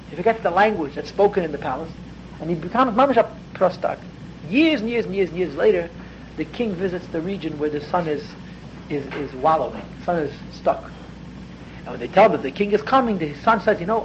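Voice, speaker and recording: Speaking a bit fast in a high voice with lively intonation, this man leads a study lecture on a Hasidic text. He explains earnestly, using many Hebrew and Yiddish terms, and becomes more intense and raised as it goes on. The lo-fi recording sounds dull, with faint noise behind it.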